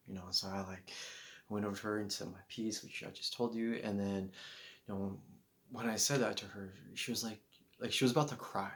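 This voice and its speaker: A man's voice: lowish voice, fairly even intonation, a little fast, fairly bright tone. A man telling a personal story to camera in a rambling, casual way, full of fillers and restarts. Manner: acts out quoted voices. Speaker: vlogger.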